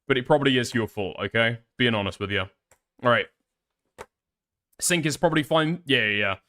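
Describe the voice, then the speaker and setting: A man's voice: medium pitch, brisk, pushed and bright. A man livestreaming, swearing a lot and talking to his chat while troubleshooting. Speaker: streamer.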